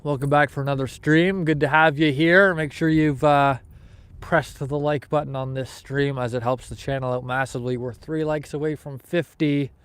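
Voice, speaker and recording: A man's voice: fairly high pitch, fairly even intonation, normal speed, a bit bright, clear, resonant tone, no room sound. A man from Canada hosting a fishing livestream outdoors in the snow, chatting casually with viewers and reading their comments aloud in an easygoing, rambling way.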